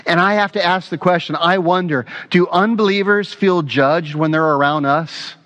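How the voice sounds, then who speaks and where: A man's voice: sits high, normal speed, a bit bright, muffled recording. A man preaching a sermon as pastor, earnest and emphatic, repeating his key phrases.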